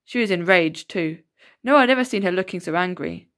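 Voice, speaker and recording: A woman's voice: lowish voice, expressive, fairly quick, a bit bright. Woman reading a children's novel aloud. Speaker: storybook reader.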